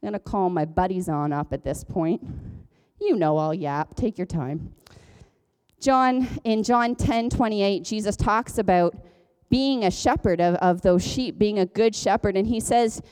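Woman pastor, mid-pitched voice, casual self-mocking sermon style with jokes. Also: a little slow, a little mellow, smooth. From Ontario, Canada. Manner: chatty, self-deprecating, jokes and laughs often. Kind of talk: conversational sermon.

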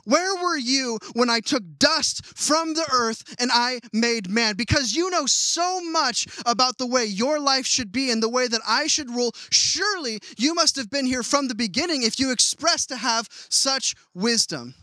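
A man's voice: extremely high pitch, animated, moderate pace, hardly any pauses, pushed and bright, no room sound, voice pushed up, exaggerated voice, rough recording. A man voicing an all-powerful God who mocks with sarcastic rhetorical questions. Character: almighty God, mocking and sarcastic.

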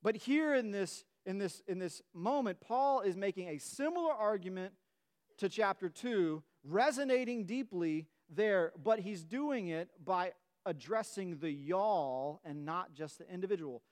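A man's voice: sits high, lively intonation, a little slow. A man preaching a sermon in a church, emphatic, often repeating and restarting phrases as his fervor builds. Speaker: pastor. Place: church sanctuary.

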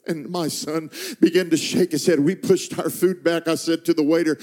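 A middle-aged pastor telling a personal story in a sermon, moving between quiet, slowed narration and rising, impassioned intensity. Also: male voice, steady tone. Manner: builds from hushed, slow narration to impassioned, high-pitched intensity.

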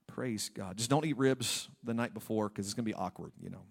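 A man's voice: on the low side, brisk, creaky, breathy edge. A male pastor preaching a humorous sermon in a church, with playful joking asides to the congregation.

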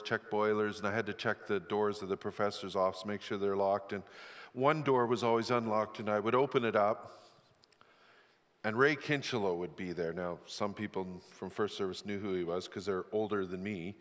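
A man's voice: fairly low pitch, steady tone, normal speed, fairly bright tone. Middle-aged man preaching in an echoing hall. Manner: candid, self-deprecating storytelling. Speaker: pastor. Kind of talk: sermon. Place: church sanctuary.

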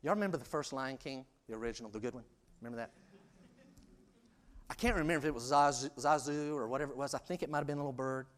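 A man preaching a sermon in a conversational, self-deprecating way, dropping to hushed asides and rising to loud, emphatic peaks. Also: medium pitch, fast. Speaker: pastor.

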